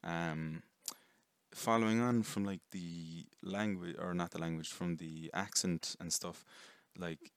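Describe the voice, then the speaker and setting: A man's voice: sits low, steady tone, takes it slowly, clear, resonant tone, no echo. A young man rambling casually through a jokey film review, swearing and correcting himself often.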